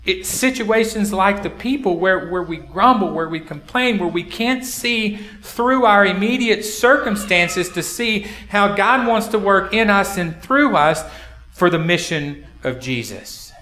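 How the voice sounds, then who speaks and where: A man's voice: sits high, animated, unhurried, pushed and bright. A male pastor delivers a sermon in a church sanctuary, his slightly raised voice ringing through a roomy, echoing space. He keeps it conversational and keeps asking the congregation rhetorical questions. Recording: echoey hall.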